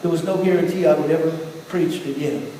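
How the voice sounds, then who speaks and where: A middle-aged man pastor preaching a sermon with personal testimony, telling his story in turns quiet and emphatic. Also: a little high, fairly even intonation, brisk. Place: church sanctuary. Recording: echoey hall from far off, faint hiss.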